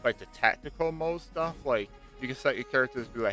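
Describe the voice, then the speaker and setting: A man chatting casually and excitedly about a video game, rambling with lots of fillers. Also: mid-range voice, quick pace. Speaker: gaming channel host. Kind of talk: casual speculative chat. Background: faint background music.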